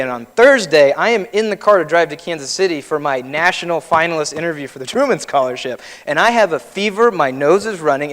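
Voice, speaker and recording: A man's voice: fairly high pitch, fairly bright tone. A man in his thirties giving a keynote speech, telling personal stories in a conversational way. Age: 30s. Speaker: keynote speaker. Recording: long reverb of a large hall.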